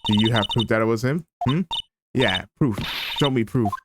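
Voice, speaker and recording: A man's voice: mid-range voice, normal speed, heavy background noise, natural voice. A man reading a rude, defensive young woman from a game in a raised, snippy voice. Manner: snippy, sarcastic line reading. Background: game music.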